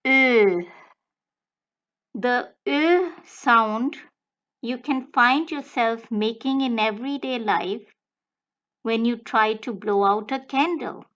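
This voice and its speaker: A woman language tutor giving a slow, deliberate step-by-step explanation of pronunciation. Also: a little high, fairly bright tone, highs cut off. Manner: slow, deliberate, breaks words into careful phrases.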